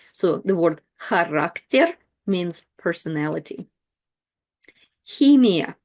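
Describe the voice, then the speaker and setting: A woman teaching pronunciation, saying each word twice slowly and clearly before explaining it in plain words. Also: on the low side, darkish tone. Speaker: language teacher. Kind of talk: slow pronunciation lesson.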